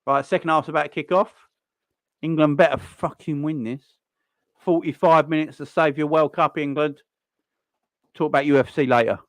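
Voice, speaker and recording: A man's voice: on the high side, steady tone, normal speed, pauses often, no echo. Chatty man on a dry close mic. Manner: chatty, blunt, repeats himself, frequent fillers. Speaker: livestream host reacting to a football match. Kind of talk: casual live chat reading viewer comments.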